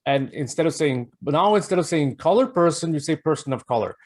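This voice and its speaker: A man co-hosting a podcast, telling stories in a halting, hesitant way with many fillers. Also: on the high side, animated. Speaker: podcast co-host. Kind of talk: casual political chat.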